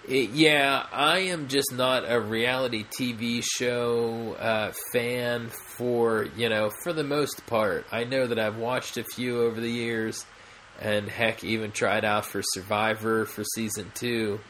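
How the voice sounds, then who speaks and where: A man talks slowly through a casual podcast chat, often trailing off into fillers and restarting his sentences. His pitch sits in a middle range. A faint hiss of noise runs under the recording. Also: fairly even intonation, fairly bright tone. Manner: rambling, many fillers and restarts. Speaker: podcast co-host.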